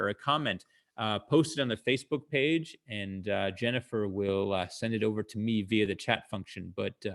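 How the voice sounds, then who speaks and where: A male comedian talking casually to an online audience over a video call, in a conversational way, explaining his jokes and using a lot of fillers. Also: lowish voice.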